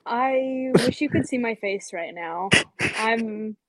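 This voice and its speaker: A woman's voice: fairly high pitch, takes it slowly, dry recording. A woman co-hosting and judging with a playful, joking manner in casual chat. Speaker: co-host and judge.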